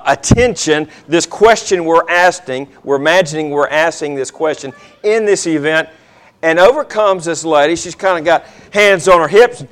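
A man preaching a sermon, telling a Bible story dramatically and acting out the characters. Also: on the high side.

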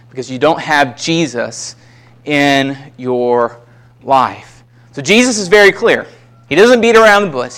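A man preaching a sermon in a fairly high voice. He reads scripture slowly and leans hard on key words. His delivery is emphatic and earnest. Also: a bit bright.

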